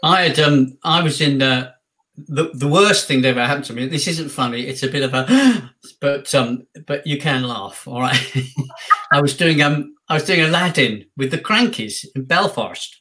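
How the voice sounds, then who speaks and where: A man telling a show anecdote as a guest, animated and acting out the voices he quotes. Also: medium pitch, moderate pace. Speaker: guest actor. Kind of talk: casual anecdote.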